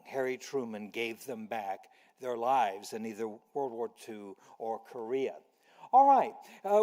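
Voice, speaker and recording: A man's voice: mid-range voice, darkish tone. An older man giving a storytelling lecture to a library audience, acting out quoted voices as he tells anecdotes. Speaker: guest speaker. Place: library auditorium. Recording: long hall reverb.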